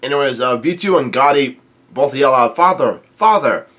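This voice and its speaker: A man's voice: mid-range voice, brisk, a bit bright. Male recapper, mid-range voice, loose rambling delivery thick with fillers. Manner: rambling, heavy with filler sounds; chuckles often while talking. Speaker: manga chapter reviewer. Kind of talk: casual chapter read-through commentary.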